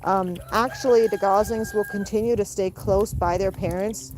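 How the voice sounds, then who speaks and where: A woman hosting a pet goose channel, explaining bird behavior patiently and breaking into high cooing baby talk with her birds. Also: fairly even intonation, moderate pace, darkish tone, low-quality recording. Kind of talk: casual narration to camera. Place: outdoors in a backyard with poultry. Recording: outdoor noise clearly audible.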